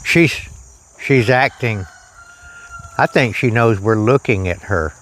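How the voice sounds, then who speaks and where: A man demonstrating archery outdoors on a shirt lavalier, talking slowly and plainly and drifting into preacherly reflections on faith. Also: medium pitch, fairly bright tone, a little hiss or hum. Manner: slow, plain-spoken, preacherly asides. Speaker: archery vlogger. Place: outdoors on a rural property.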